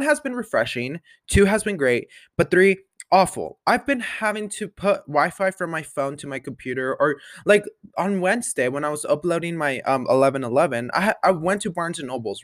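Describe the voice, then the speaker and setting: A man's voice: a little high, no echo, studio quality. A young man hosting a casual solo podcast, chatty and bubbly, rambling with playful asides. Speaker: podcast host. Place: bedroom with the window open.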